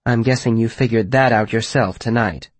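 A man voicing a worldly, blunt young woman in an audiobook, talking matter-of-factly with a sharp tongue. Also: mid-range voice, moderate pace, husky, no echo, natural voice. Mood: earnest. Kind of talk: audiobook character voice.

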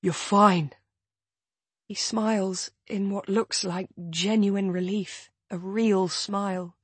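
Brief: woman audiobook narrator, unhurried, breathy tone, dry close recording. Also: medium pitch, fairly even intonation, darkish tone, no echo. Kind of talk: first-person scripted narration.

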